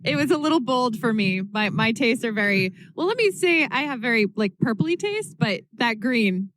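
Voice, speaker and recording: A woman's voice: a little high, expressive, normal speed, a bit bright, slight background noise. Teasing, laughing female podcast co-host. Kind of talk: casual chat.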